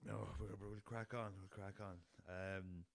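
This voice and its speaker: Deep-voiced Irish man, casual podcast chat. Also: flat delivery, unhurried, gravelly, no room sound. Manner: laughing at his own jokes, swears freely, rambling. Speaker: podcast host.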